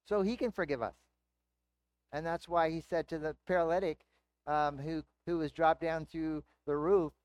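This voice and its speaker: A man's voice: on the high side, no room sound. Man preaching a conversational sermon. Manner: conversational teaching with rhetorical questions. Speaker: pastor.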